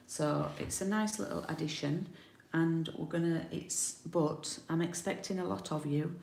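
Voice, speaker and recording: Card-making demonstrator from the UK: a low, gravelly woman who chats and thinks aloud in a roomy room. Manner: chatty, thinks aloud while working. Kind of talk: live craft tutorial. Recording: roomy home recording.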